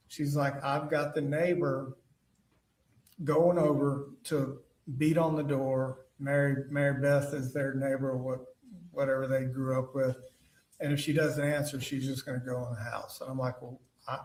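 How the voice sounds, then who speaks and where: A man testifying as a witness in court, halting and full of fillers and restarts. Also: mid-range voice, fairly even intonation, a little mellow. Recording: echoey courtroom audio from far off.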